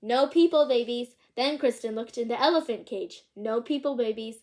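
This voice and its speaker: A woman reads a picture book aloud, pausing for chatty, curious remarks about the pictures. Her voice sits a bit high, and she moves easily between the story and her asides. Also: a little mellow. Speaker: channel host reading a picture book aloud.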